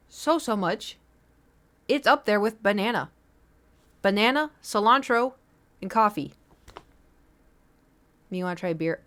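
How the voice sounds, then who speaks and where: A young woman chats casually on her live stream. She tells long, rambling stories, full of fillers and restarts, in an everyday voice of middle pitch. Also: a bit bright. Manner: rambling storytelling with lots of fillers.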